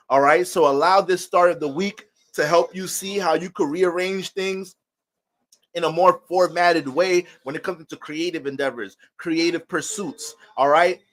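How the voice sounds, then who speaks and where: A man with a noticeably high speaking voice gives a loose astrology talk. He slides into joking, profane stories and talks to viewers as family. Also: a bit bright. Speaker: astrology reader. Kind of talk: casual astrology talk with storytelling.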